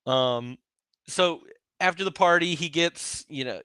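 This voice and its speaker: A man in a casual movie-talk podcast, with a bright, forceful tone and a dry, close sound. He jokes around and laughs a lot as he goes. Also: fairly high pitch, unhurried, smooth, no echo. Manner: laughs often, loose and joking. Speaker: podcast co-host.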